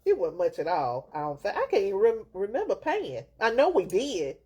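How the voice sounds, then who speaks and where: A woman, hosting a casual chat and telling animated stories with frequent laughter. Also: medium pitch, moderate pace, slightly rough. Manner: animated storytelling, laughs often. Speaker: host.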